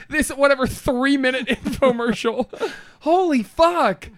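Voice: medium pitch, very animated, normal speed, a bit bright, faint music behind. A podcast co-host in casual, playful chat who laughs often and swears casually.

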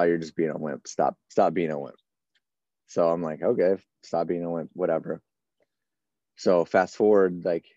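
A firefighter in his thirties, guesting on an interview, tells a long personal story in a casual, run-on way, acting out many exchanges with the people around him. His voice is low and mellow, recorded with no echo and the highs cut off.

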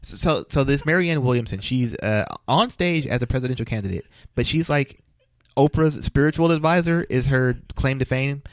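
A man's voice: medium pitch, normal speed, no echo. A man co-hosting a casual political chat, laughing often and rambling with many fillers. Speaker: podcast co-host.

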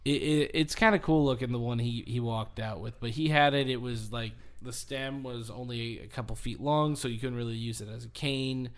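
A man's voice: medium pitch, moderate pace, hardly any pauses. Chatty man rambling through a story. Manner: rambling storyteller, restarts, laughs often. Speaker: podcast co-host. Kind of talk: casual wrestling story chat.

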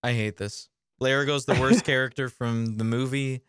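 A man's voice: mid-range voice, steady tone, moderate pace, a bit bright, clear, resonant tone, dry recording. A man co-hosting a casual review podcast, joking in a dry way. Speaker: podcast co-host.

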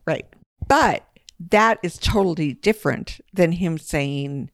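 A woman's voice: deep voice, normal speed, dry recording, studio quality. A woman co-hosting a podcast, talking in candid, emphatic casual conversation and laughing easily. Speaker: podcast co-host.

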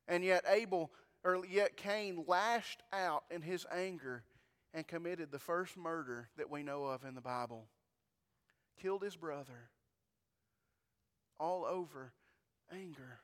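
A male pastor preaches in a clear, high voice, speaking to the congregation with folksy rhetorical questions and frequent restarts. His voice rings out with a long reverb from the church sanctuary. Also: unhurried, long pauses. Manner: conversational preaching, repeats words, rhetorical questions. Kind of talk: sermon.

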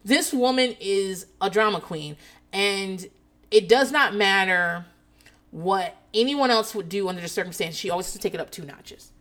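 A woman's voice: mid-range voice, normal speed, a bit bright. A woman in a rambling, casual chat, sarcastic and heavy on profanity.

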